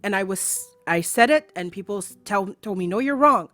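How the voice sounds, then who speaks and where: A woman's voice: medium pitch, moderate pace, faint music behind. Fired-up woman streamer ranting. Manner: swearing, heated, sarcastic, repeats herself. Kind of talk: angry rant to a live stream chat.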